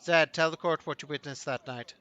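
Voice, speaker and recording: A man's voice: fairly high pitch, fairly even intonation, fairly quick, pushed and bright, smooth, highs cut off. A man voicing a smug, scheming male prosecutor in a video game, pompous and sneering.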